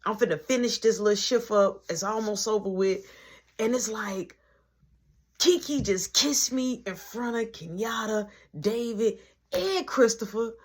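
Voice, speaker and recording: A woman tells a casual story in an animated way, slipping into other people's lines as she goes. Her voice sits at an ordinary middle pitch. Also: a little slow. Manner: animated, acts out dialogue.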